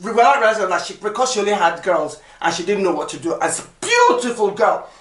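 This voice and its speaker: A woman, a podcast guest telling stories in lively, emphatic casual chat. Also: medium pitch, quick pace, recorded from a distance. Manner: animated, lively storytelling with emphatic repetition. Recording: echoey room.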